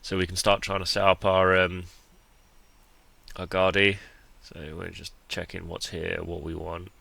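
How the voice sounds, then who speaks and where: A man with a deep, monotone, creaky voice and sharp tone speaks unhurriedly over his own card game match. His casual commentary is laid-back and self-deprecating, with occasional mild swearing.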